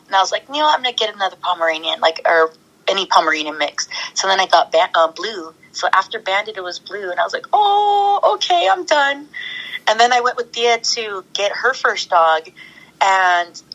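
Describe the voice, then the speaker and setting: Bright-voiced, gushing woman. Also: medium pitch, a little fast, muffled recording. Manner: chatty, gushing, laughs often. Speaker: guest, former pro wrestler. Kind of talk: casual interview chat.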